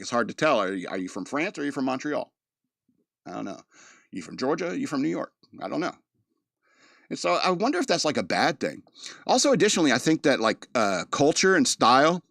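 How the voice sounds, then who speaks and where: A man's voice: medium pitch, fairly bright tone, no room sound. Man, mid-Atlantic American accent, podcast host, loose joking monologue, dry recording. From East Coast of the United States. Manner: rambling, joking, laughs often. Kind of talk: casual monologue.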